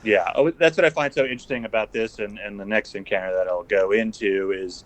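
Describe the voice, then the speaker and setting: A man with a fairly low voice speaks as a podcast guest. He thinks aloud in a meandering way, circling back and restarting his sentences as he works out his ideas. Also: a little fast, poor audio. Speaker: guest recounting an encounter. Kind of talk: casual podcast conversation.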